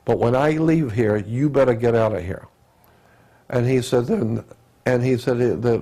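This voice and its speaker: Gravelly, rambling male storyteller. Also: mid-range voice, mellow. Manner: repetitive, keeps restarting with "he said"; halting, with self-corrections and throat clearing. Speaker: speaker retelling an eyewitness account.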